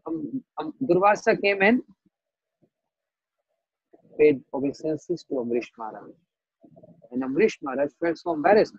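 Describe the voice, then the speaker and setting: A man gives a scripture lecture in a fairly high voice with a husky edge. He tells a story, repeats phrases and checks in with his listeners. The sound is dry and a bit dull. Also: lively intonation, measured pace, long pauses, darkish tone, dry recording. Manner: explains verses, repeats phrases, asks listeners "understand?". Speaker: spiritual teacher.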